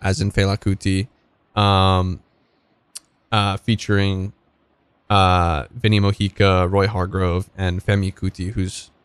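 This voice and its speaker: A man's voice: deep voice, little pitch movement, slow pace, smooth, dry recording. A man co-hosting a community radio music show, easygoing and casually profane, introducing tracks with some hesitation. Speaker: radio co-host.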